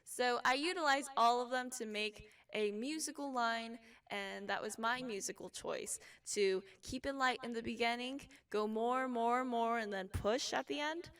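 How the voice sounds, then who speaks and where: A young woman teaching a casual singing lesson, explaining calmly between sung examples. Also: on the high side, measured pace, few pauses, smooth, far from the mic. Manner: relaxed explaining, with sung demonstrations. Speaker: vocal instructor.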